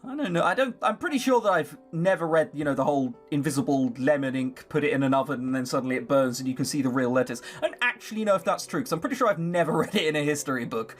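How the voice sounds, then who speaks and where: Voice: medium pitch, lively intonation, fast talker, few pauses, faint music behind. A let's play host reading a visual novel aloud, breaking off for blunt, sarcastic asides with swearing.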